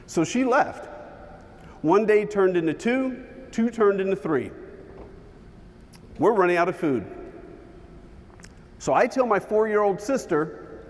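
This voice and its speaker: A man giving a motivational keynote, telling a personal story with dramatic pauses and shifts in pace. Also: sits high, expressive, big-room sound. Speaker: keynote speaker. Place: large hall with an audience.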